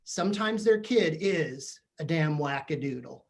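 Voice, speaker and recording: A man giving a comedic motivational talk to teachers, animated and jokey, often asking the audience questions. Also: a little high, measured pace. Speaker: keynote speaker for teachers. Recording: virtual session.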